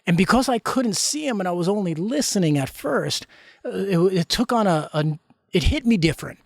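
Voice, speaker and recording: A man's voice: sits high, expressive, normal speed, vocal fry, dry recording, clean studio sound. A middle-aged man giving an emphatic motivational talk as a life coach, full of rhetorical questions.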